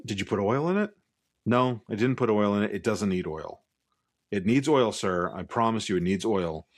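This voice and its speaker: A man with a fairly low voice tells a story in casual podcast chat, acting out both sides of an argument. He swears now and then in an easygoing way. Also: normal speed. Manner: animated anecdote-telling, acts out both sides of the exchange. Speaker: podcast co-host.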